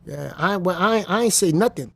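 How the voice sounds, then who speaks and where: A man's voice: high-pitched, lively intonation, moderate pace, gravelly, a bit bright. A man, telling his story bluntly and profanely as an interview guest. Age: 50s. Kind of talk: casual storytelling.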